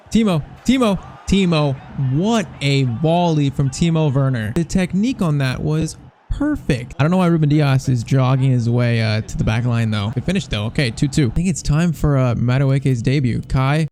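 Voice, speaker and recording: Excitable young man commenting gameplay. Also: mid-range voice, a little fast, slight background noise. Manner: excitable, incredulous, self-mocking. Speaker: gaming YouTuber.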